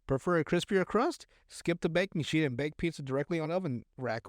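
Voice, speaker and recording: A man's voice: on the high side, animated, brisk, no echo, studio quality. A man co-hosting a podcast, reading recipes aloud in casual chat, stumbling over words and joking crudely. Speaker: podcast co-host.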